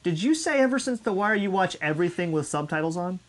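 High-pitched guy cohosting a podcast, animated and sweary, casual chat. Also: fast. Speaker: podcast co-host.

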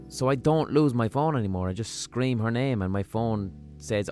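A man with a Limerick Irish accent hosting a podcast, rambling through a casual comic monologue in a profane, deadpan-humorous way. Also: fairly low pitch, a little fast, hardly any pauses, soft background music. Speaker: podcast host.

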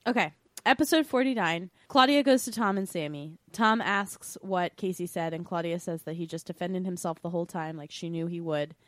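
A woman's voice: lowish voice, moderate pace, fairly bright tone, dry recording. A woman co-hosting a podcast, recapping episodes in casual chat and giving blunt, opinionated takes with casual swearing. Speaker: podcast co-host.

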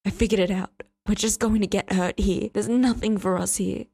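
A man's voice: high-pitched, fairly even intonation, normal speed, creaky, husky, heavily acted. A woman voicing a trembling, tearful young man. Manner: trembling, pleading, hushed. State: crying. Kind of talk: audiobook character voice.

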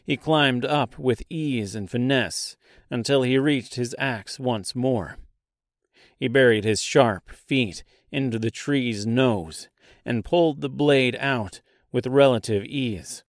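A man narrating a dark fantasy audiobook in a slow, deliberate storytelling manner. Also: medium pitch, dry recording, studio quality.

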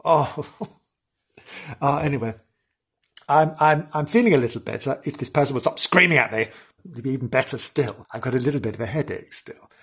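A man's voice: medium pitch, brisk, long pauses, fairly bright tone, slightly rough. A man voicing a hungover, scatterbrained middle-aged woman who giggles and rambles in a comic monologue. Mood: dazed, giggly.

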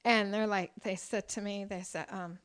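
A woman's voice: medium pitch, steady tone, normal speed, a bit bright, clear, resonant tone, rough recording. Woman guest, middle-aged, casual chatty storyteller, laughs a lot. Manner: chatty storyteller, laughs often, many fillers. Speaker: guest, restaurant owner and cookbook author. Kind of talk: casual interview chat.

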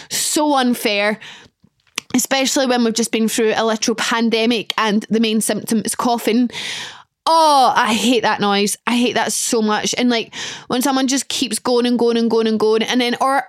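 Young scottish woman chatting away on her podcast, high-ish voice, dry close sound. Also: dry recording. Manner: chatty, animated, self-mocking. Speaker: podcast host. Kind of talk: casual solo chat.

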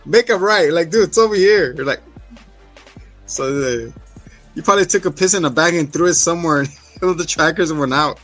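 Male podcast host, slightly high voice, loose and jokey, acts out scenes, faint music bed. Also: moderate pace, pauses often, sharp tone. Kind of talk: casual TV recap chat.

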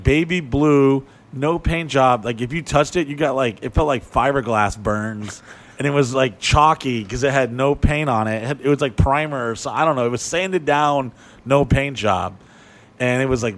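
A man's voice: medium pitch, normal speed. Profane rambling male storyteller. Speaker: podcast co-host. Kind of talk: crude storytelling chat.

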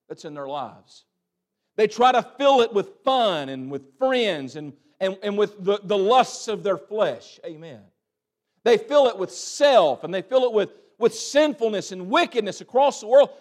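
A man preaching a sermon as pastor, building phrases up and letting them drop off quietly. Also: sits high. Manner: preaching with swelling and fading emphasis, repeated phrases.

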